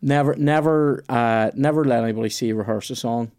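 A man with a mid-pitched voice chatting loosely on a podcast. He rambles, trips over his restarts and swears freely as he works his way through a story. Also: brisk, a little mellow, clean tone. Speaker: podcast host and comedian. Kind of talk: casual chat.

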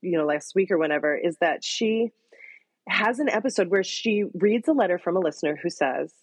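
A woman with a husky, low-pitched voice talks candidly as a podcast guest, frank and animated, dropping the odd swear. Her voice is recorded close and dry, with no room sound around it. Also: a little fast, dry recording. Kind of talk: candid conversation.

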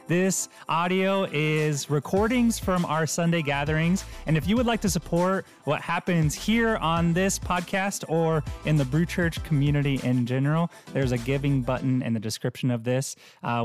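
A man hosting a church podcast, reading a friendly, welcoming intro. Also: a little high. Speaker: podcast host. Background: faint music.

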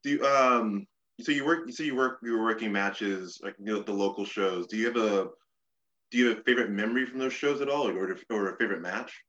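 A man's voice: lowish voice, brisk, fairly bright tone. A man hosting a podcast interview, speaking as an enthusiastic fan and often restarting his sentences. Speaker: podcast host. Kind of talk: casual interview chat. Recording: dull lo-fi sound.

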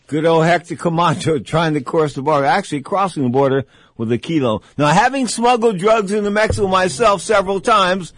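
A man's voice: on the high side, no room sound. A man hosting a radio talk show, teasing and telling stories. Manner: jokey, teasing, storytelling.

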